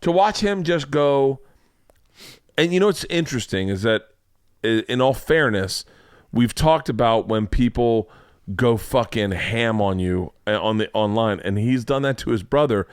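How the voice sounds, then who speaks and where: A middle-aged comedian hosts a podcast in a casual chat, animatedly telling stories and acting out quotes in a raised voice. His medium-pitched voice is smooth and measured, recorded in studio quality with no room sound.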